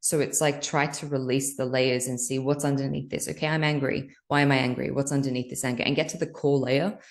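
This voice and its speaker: Woman podcast guest, healer; extremely low voice, confessional, rambling with fillers. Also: steady tone, a little fast. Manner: loose, filler-heavy, earnest and confessional. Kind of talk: candid spiritual interview talk.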